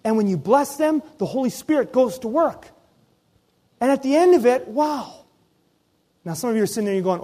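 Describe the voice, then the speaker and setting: A middle-aged man preaching from the pulpit as pastor, his voice sitting high for a man. He tells personal stories with energy, acting out his own inner voice and the other people in them. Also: brisk, pauses often. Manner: animated storytelling, acts out his own inner voice. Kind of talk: sermon.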